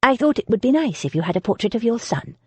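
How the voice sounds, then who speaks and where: Woman doing a cool firm young heroine, breathy, lively pitch. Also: fast, no room sound. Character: young heroine, composed but defiant.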